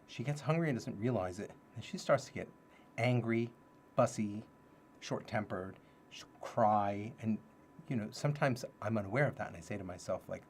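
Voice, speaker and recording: A man's voice: fairly low pitch, lively intonation, moderate pace, slight background noise. A man hosting a casual livestream talk, thinking aloud and repeating his key phrases. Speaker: livestream host teaching self-development ideas.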